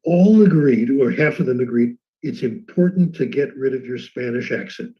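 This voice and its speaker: A man giving a conversational lecture on language learning, telling anecdotes and slowing down for emphasis. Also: mid-range voice, expressive, slightly rough. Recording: dull muffled lecture recording.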